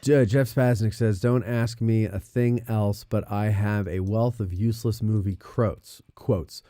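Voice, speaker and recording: A man's voice: lowish voice, measured pace, dry recording, clean studio sound. A man hosting a casual chat show, reading viewer comments and breaking into impressions. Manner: animated, drops into gravelly impressions. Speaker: podcast host reading chat.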